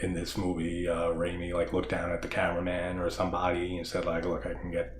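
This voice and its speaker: A man's voice: sits low, completely flat delivery, fairly quick, reverberant, slight background noise. A man casually talking through a horror-comedy film as a channel host, laughing often and rambling with restarts and fillers. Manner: acts out movie lines in raised voices.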